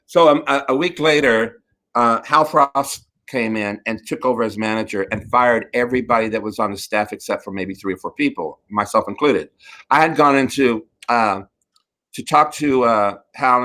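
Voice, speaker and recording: Host, male, middle-aged, campy raconteur with a chatty storytelling delivery. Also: mid-range voice. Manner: campy, laughing, animated storyteller. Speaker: talk show host. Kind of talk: casual storytelling chat.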